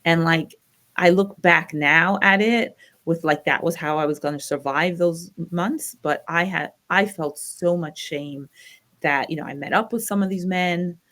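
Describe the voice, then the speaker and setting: A woman's voice: lowish voice, measured pace. A middle-aged woman from the United States, a guest telling her personal story in an interview, acting out the voices of the people she quotes. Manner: animated retelling, acts out quoted voices.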